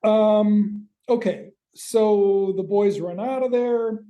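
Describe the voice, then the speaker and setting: A man co-hosting a podcast, casually recapping a TV episode in rambling, quick asides with the odd swear word. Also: sits high, mellow, highs cut off. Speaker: podcast co-host.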